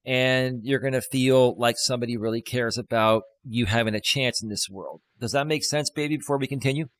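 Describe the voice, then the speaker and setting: A man's voice: mid-range voice, a little fast. A man hosting a live stream as a life coach, explaining things casually and reassuring his partner.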